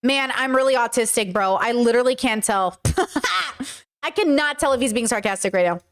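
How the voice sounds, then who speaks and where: A woman's voice: a little high, lively intonation, normal speed. A woman hosting a casual reaction commentary, chatty and rambling with frequent laughs. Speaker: commentary host reacting to clips.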